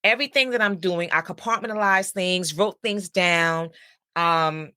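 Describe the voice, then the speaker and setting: A woman's voice: lowish voice, a little slow, sharp tone, smooth, no room sound. A middle-aged woman, a counselor and host, telling a personal story in a chatty, casual way with lots of asides.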